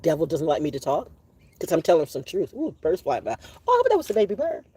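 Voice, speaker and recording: A woman telling a long story outdoors in a casual vlog monologue, profane and animated, laughing now and then and coughing from allergies. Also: lowish voice, fast talker, slightly rough. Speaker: vlogger.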